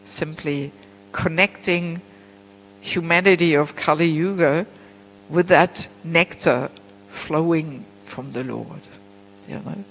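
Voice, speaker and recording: A woman giving a class on scripture at a temple, chatty and warm in tone, often saying "you know" and breaking into laughs. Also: deep voice, slow, pauses often, poor audio. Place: temple hall.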